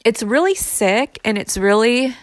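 A woman casually telling a personal story in a reflective, unhurried way, often saying "like". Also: on the high side, animated, no echo. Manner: unhurried, reflective, heavy use of "like". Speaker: storyteller sharing her own experience.

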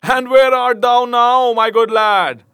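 Man reading as a roaring tall stranger: loud, boisterous, bright, old-fashioned speech. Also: on the high side, normal speed, pitched above the performer's own voice, close to an everyday voice. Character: burly laughing male stranger with a staff.

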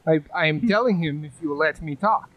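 Male player voicing a high-pitched cat-folk outcast who drops articles. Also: fairly bright tone, poor audio. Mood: earnest. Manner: halting speech that drops little words.

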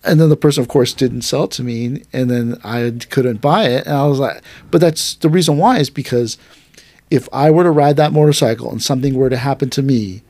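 Recorded with no echo, a man with a mid-range voice talks at a fairly quick clip. He teaches at a dojo and tells casual podcast stories, animatedly performing quotes from his teacher and students.

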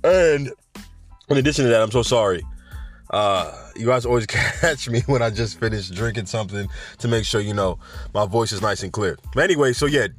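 A man's voice: fairly low pitch, a little fast, soft background music. Joking, rambling podcast host, a man. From Jamaica. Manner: joking, rambling, slangy asides. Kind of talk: casual news rundown podcast.

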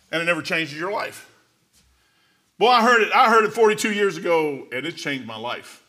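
A man preaching a folksy sermon, swinging between loud proclamations and quiet, confiding asides. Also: high-pitched, animated, normal speed.

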